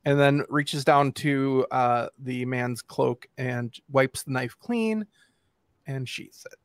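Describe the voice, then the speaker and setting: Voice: medium pitch, takes it slowly, no room sound. A player playfully describing a character's actions in a tabletop game.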